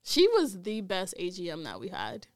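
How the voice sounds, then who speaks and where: A young woman co-hosting a podcast in casual chat, teasing and quick to react. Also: fairly low pitch, wildly swooping pitch, darkish tone, no echo, studio quality. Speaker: podcast co-host.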